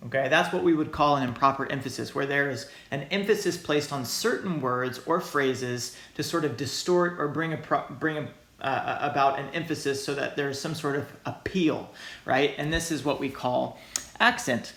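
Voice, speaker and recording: A man's voice: mid-range voice, moderate pace, a bit bright, reverberant. A male teacher giving a recorded lecture in a loose, hedging way, often checking in with "right?" and "okay?". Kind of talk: recorded lecture explaining logic.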